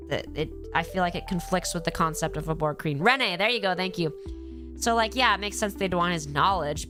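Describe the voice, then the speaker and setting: Woman streamer, worn out and stuffy from a cold, loose profane chatter, music playing clearly behind her. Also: lowish voice. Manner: rambling, profane, answers chat. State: tired, with a cold. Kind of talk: casual live-stream commentary.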